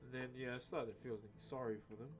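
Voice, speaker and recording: A man's voice: mid-range voice, fairly even intonation, fast talker. A man chatting casually with his live-stream viewers while he carves, laid-back and chatty, peppering his talk with "eh?" and "bro". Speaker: livestreamer. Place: home streaming setup while wood carving. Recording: music bed under voice. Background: music playing.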